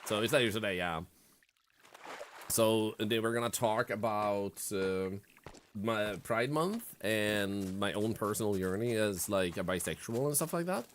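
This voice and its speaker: A man streaming a game, giving an excitable, jokey running commentary with frequent swearing. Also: lowish voice, measured pace, slight background noise. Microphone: streaming mic.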